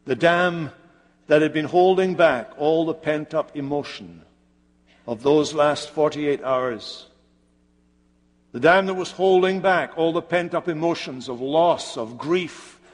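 Male preacher, slightly high voice, slow dramatic sermon delivery, reverberant hall. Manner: slow, dramatic storytelling with pauses.

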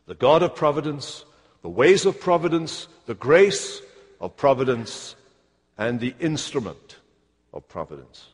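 A man preaching a sermon, slow and emphatic, stressing key phrases. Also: mid-range voice, husky. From Scotland. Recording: long hall reverb.

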